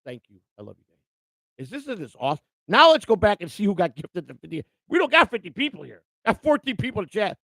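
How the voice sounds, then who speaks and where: A man's voice: high-pitched, big pitch swings, fast, creaky, sharp tone, no room sound. A man hosting a live stream in casual chat, overjoyed and near tears, talking emotionally with lots of stammering and repeated words.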